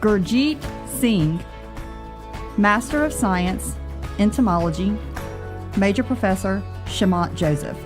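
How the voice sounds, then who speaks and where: A woman announcer reads out graduates' names and degrees at an unhurried, deliberate pace. Her delivery is formal and measured, with faint music playing beneath her voice. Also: mid-range voice, expressive. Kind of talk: formal name reading.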